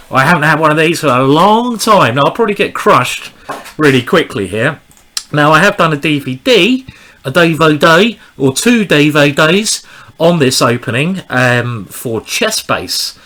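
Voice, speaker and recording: A man's voice: on the high side, pushed and bright. A man giving chatty, rambling live commentary on his own online chess game, often joking at his own expense. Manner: chatty, rambling, self-deprecating. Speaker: chess streamer.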